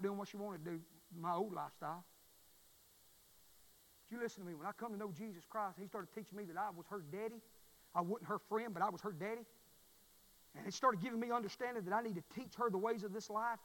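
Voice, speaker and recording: A man preaching a fervent sermon in a church, repeating his phrases and swelling into loud pleas. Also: high-pitched, long reverb tail, low-quality recording. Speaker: pastor.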